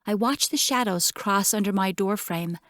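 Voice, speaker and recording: A woman narrating an audiobook in first person, with measured, tense storytelling. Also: medium pitch, fairly bright tone, no room sound, studio quality.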